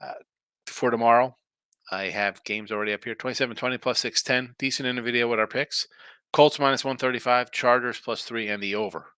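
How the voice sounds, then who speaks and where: A man's voice: medium pitch, steady tone, fairly quick, bright, forceful tone, clear, resonant tone, dry recording. A man hosting a sports betting show in a rambling, casual way, reading out viewer messages and answering them. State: tired, yawning. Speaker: sports betting podcast host. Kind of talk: casual live-stream chat.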